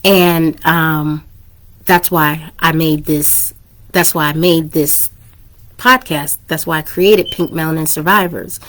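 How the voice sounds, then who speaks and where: A woman's voice: low-pitched, fairly even intonation, takes it slowly, fairly bright tone. A woman in her thirties hosting her own podcast, talking casually and earnestly to listeners, getting emotional and teary at times. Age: 30s. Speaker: podcast host. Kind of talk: casual personal talk to listeners.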